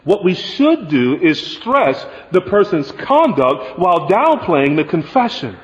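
Lively high-pitched preacher in an echoing hall. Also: male voice, unhurried. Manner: emphatic preaching, rising to forceful peaks. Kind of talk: sermon. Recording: dull, roomy hall sound.

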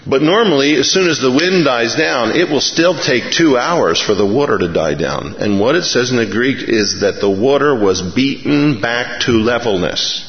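A man's voice: mid-range voice, moderate pace, few pauses. A middle-aged man preaching a sermon, telling stories with animation and acting out the voices of the people in them. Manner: animated storytelling, acts out voices. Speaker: pastor. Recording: echoey hall, dull sound.

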